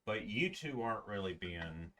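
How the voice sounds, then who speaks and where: Male game master, lively, joking, animated pitch, distant mic. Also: normal speed. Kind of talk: narrating a tabletop game.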